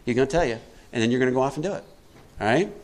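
A man's voice: medium pitch, expressive, rapid-fire, darkish tone. A middle-aged man giving a twelve-step recovery talk to a group, conversational and emphatic, often putting questions to his listeners.

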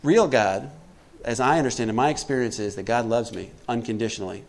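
A man's voice: mid-range voice, fairly quick. A middle-aged man giving a twelve-step recovery talk to a group, conversational and emphatic, often putting questions to his listeners.

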